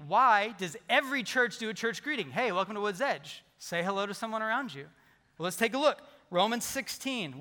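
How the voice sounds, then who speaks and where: Bright-voiced pastor preaching in a reverberant church. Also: male voice, very high voice. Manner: animated, conversational preaching with humor. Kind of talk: sermon. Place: large church sanctuary. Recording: long hall reverb.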